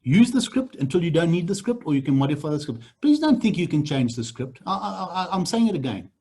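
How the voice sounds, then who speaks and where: A man's voice: a little high, big pitch swings, brisk, darkish tone, husky. A man running a sales training on a video call, blunt and repetitive. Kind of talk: online training session.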